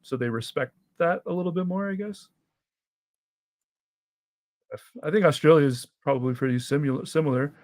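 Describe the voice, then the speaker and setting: A chatty man with a Canadian accent, his voice sitting a little high for a man. He rambles casually through an online panel chat, hedging with plenty of ums and likes. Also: moderate pace, pauses often, a little mellow. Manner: chatty, loose, lots of fillers and hedging.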